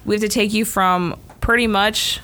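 A woman in her thirties, a salon owner and hairstylist, telling a story in casual chat and acting out the quoted dialogue with lively energy. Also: mid-range voice, moderate pace. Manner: animated, acts out quoted dialogue.

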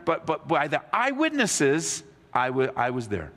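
A man preaching a sermon to a congregation, animated, his voice climbing high when he gets excited. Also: a little slow, hardly any pauses, in a large hall. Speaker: pastor. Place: church hall with audience.

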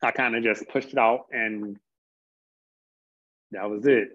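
A man's voice: on the low side, fairly even intonation, a bit bright, highs cut off. A man speaking earnestly as an interview guest, reflecting at length and sometimes stumbling over his words. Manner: earnest, stumbles on words, builds points slowly. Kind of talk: reflective conversation.

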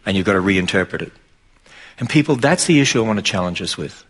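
A middle-aged Australian Christian speaker preaches to an audience in a driving, emphatic style at a quick pace. His voice is lowish, husky and expressive, rising sharply when he delivers mocking quotes.

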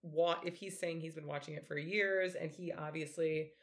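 A woman's voice: sits low, steady tone, moderate pace. A woman co-hosting a podcast, reacting to the story with jokes and sarcastic asides. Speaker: podcast co-host. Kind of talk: casual podcast chat.

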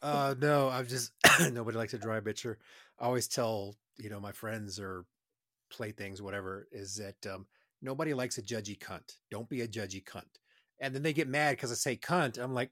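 A man's voice: medium pitch, normal speed, bright, forceful tone, dry recording. Blunt, profane man, dry sound. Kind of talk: casual crude chat.

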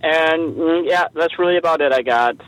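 A man's voice: a little high, normal speed, fairly bright tone, poor audio. A man leaving a rambling, jokey voicemail for a podcast, meandering and self-deprecating as he talks. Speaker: voicemail caller.

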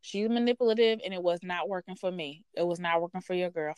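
A woman hosting a podcast, telling a workplace story in a blunt, profane, sassy and animated way. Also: on the low side, fast, few pauses, clean tone, no echo. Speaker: podcast host. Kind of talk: casual storytelling rant.

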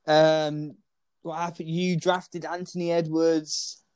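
A man's voice: on the high side, flat delivery, takes it slowly, darkish tone, smooth, no room sound. Chatty young man, dry close mic. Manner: chatty, laughing, teasing. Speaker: podcast host. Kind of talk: casual chat.

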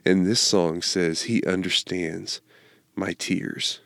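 A man giving an informal devotional talk, reading song lyrics aloud in a slow, earnest way that halts and restarts. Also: deep voice, steady tone, creaky, a bit bright, no echo. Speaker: devotional speaker.

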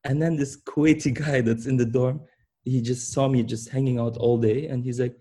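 Halting man with a German-Turkish accent. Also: mid-range voice, little pitch movement, warm tone, slightly rough. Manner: halting, many restarts and repeated words, laughs often. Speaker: fashion designer, guest. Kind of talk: casual conversational storytelling.

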